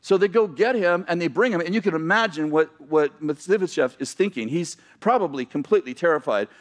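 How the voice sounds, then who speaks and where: Male pastor, sermon, slightly raised pitch, loose storytelling with asides and self-corrections. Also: lively intonation, a little fast.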